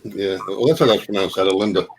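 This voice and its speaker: A man's voice: medium pitch, fairly quick, fairly bright tone, slight background noise. A man chatting on a video call as a guest, eager to correct the others and often talking over them. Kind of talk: casual group chat.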